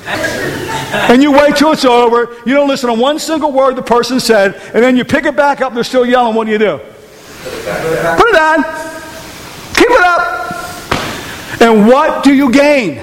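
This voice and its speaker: A man's voice: extremely high pitch, moderate pace, long reverb tail. A man preaching a conversational sermon in church, often asking the congregation rhetorical questions. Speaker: pastor. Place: church hall.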